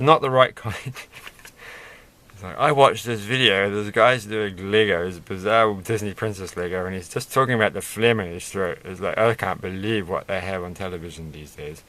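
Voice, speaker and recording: A man's voice: on the low side, vocal fry, bright, forceful tone. A man chatting casually and rambling with amused asides while building a Lego set.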